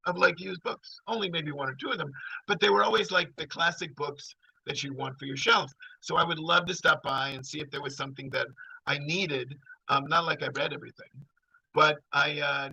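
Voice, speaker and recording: A man's voice: a little high, vocal fry, sharp tone, breathy edge, dry recording, poor audio. A middle-aged man telling a personal story in a rambling, conversational way. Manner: rambling, conversational, full of fillers.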